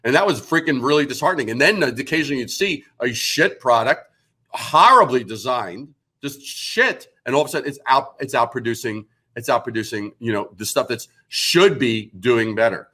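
A man's voice: mid-range voice, expressive, moderate pace, bright, forceful tone. A man in his sixties, a guest in a casual interview, talking emphatically and bluntly and swearing freely. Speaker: guest, branding expert.

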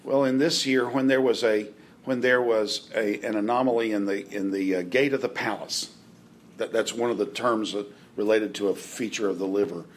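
Halting man teaching a Bible class. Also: lowish voice, fairly even intonation, slight background noise. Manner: halting, many fillers and restarts, dry joking asides.

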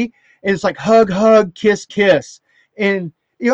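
A high-pitched man co-hosting a podcast, opinionated and ranting with many restarts. His voice sounds a bit dull and lo-fi. The sound is dry and close. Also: a little slow, dry recording. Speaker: podcast co-host. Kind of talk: casual chat about racing. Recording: slightly dull lo-fi audio.

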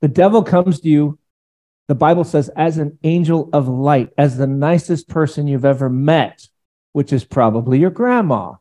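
A male pastor preaching a sermon in an animated, conversational way, acting out quotes as he goes. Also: on the high side, moderate pace.

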